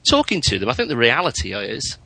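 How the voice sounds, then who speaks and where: A man in casual chat about flying, chatty and anecdotal, getting animated in his stories. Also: medium pitch, fairly quick, gravelly, no room sound, low-quality recording. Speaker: podcast co-host, private pilot.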